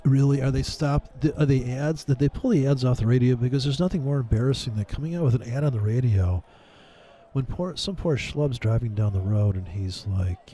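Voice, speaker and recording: Profane rambling man, mellow voice. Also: mid-range voice, a little fast. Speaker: livestream trading host. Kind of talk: casual ranting chat with viewers.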